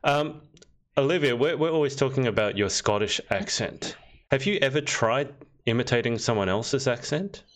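A man's voice: medium pitch, animated, moderate pace. A man hosting a casual chat, asking playful, teasing questions. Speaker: host.

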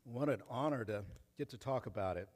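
A man preaching a sermon as pastor, reading scripture quietly and then driving his points home loudly. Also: medium pitch, brisk, in a large hall. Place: church sanctuary.

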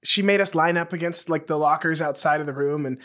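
Man, podcast host, slightly high voice, laid-back chat. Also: quick pace, fairly bright tone. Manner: laid-back, laughs easily. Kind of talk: casual chat.

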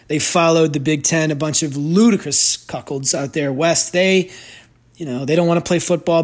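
A man hosting a sports betting podcast, ranting in a sarcastic, profane, rambling way into a sensitive desk microphone. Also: high-pitched. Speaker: podcast host and sports bettor. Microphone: new sensitive microphone at a desk.

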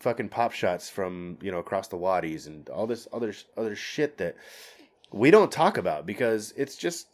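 A man's voice: on the low side, lively intonation, normal speed, a little mellow. Profane, rambling veteran man. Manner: profane, rambling war stories; gets fired up. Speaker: military veteran guest. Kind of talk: casual podcast chat.

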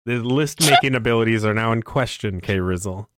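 A man's voice: lowish voice, brisk, very noisy. A man co-hosting a casual video game podcast, opinionated and profane. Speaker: podcast co-host. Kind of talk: casual gaming chat.

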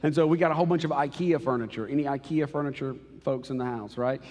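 A man's voice: mid-range voice, fast talker, darkish tone. A man in his thirties, a pastor, preaching a conversational and emotional sermon in a church auditorium. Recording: reverberant hall.

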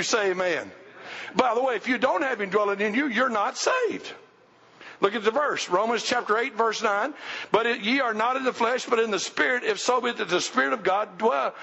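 Gravelly, sharp and slightly rough, a pastor's high voice drives an emphatic, direct sermon in a church sanctuary, with questions aimed at his listeners. Long hall reverb trails his words, and the recording is dull and lo-fi.

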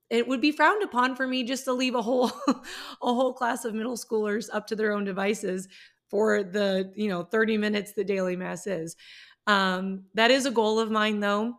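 A woman's voice: medium pitch, fairly bright tone. A woman who teaches middle school, talking about her faith in a personal vlog, earnest and heartfelt, often restarting her sentences.

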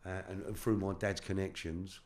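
As an interview guest, a middle-aged Londoner recounts his life in a very deep voice that's level in tone and a little mellow. His delivery is halting, with frequent pauses to repeat words, and his speech is loose and thick with street slang.

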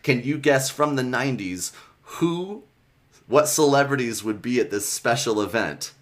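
A man's voice: mid-range voice, lively intonation, a little slow. A man casually recapping a children's book on a podcast, swearing freely and reading passages aloud. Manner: loose and profane, reads excerpts aloud. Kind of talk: casual chat.

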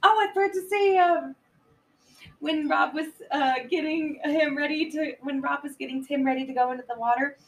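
A woman with a high voice rambles through a movie's plot in loose, profane podcast chat. She sits a little far from the microphone, so her voice sounds slightly distant. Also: normal speed. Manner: rambling, swears freely, acts out quotes. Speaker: podcast co-host. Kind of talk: casual chat recapping a movie.

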